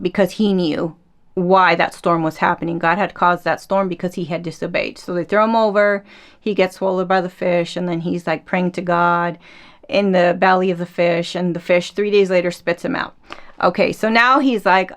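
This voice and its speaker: A woman hosting a casual faith podcast, retelling a Bible story in a chatty, animated way and acting out the quotes. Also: lowish voice, normal speed. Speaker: podcast host.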